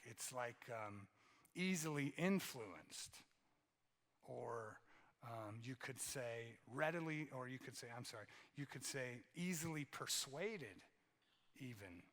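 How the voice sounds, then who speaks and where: A man's voice: mid-range voice, a bit bright. Male preacher in a reverberant church. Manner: conversational, keeps asking "right?"; repeats phrases for emphasis. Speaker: pastor. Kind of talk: sermon. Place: church sanctuary.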